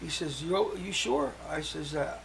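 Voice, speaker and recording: Older gravelly-voiced man telling his story. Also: a little high, unhurried, a loud crowd, low-quality recording. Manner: animated storyteller acting out the voices of people he quotes. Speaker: guest. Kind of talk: personal storytelling interview.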